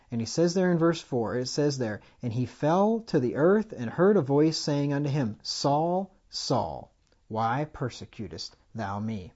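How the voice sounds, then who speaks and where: A man preaching a sermon with animated delivery, rising loud on key points and asking the congregation rhetorical questions. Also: medium pitch, muffled recording.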